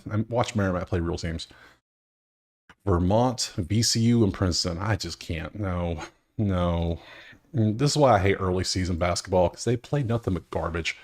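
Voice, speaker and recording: Casual male betting host, lowish voice, half-muttered running commentary with dry exasperation. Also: a little mellow. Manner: muttering to himself, chatty, wry and exasperated asides. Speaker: sports betting video host. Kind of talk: casual solo commentary over stats.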